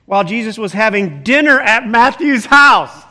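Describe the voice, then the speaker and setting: A pastor preaching a sermon in an animated, conversational way, breaking in with exclamations as he reads and explains the text. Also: high voice, normal speed, hardly any pauses.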